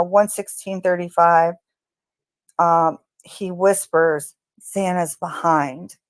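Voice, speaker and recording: Woman, low-ish voice, slow and halting, lots of ums, dry close recording. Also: a little mellow, smooth, no echo. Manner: halting, frequent ums and restarts. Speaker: true crime commentator. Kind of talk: casual narration of audio analysis.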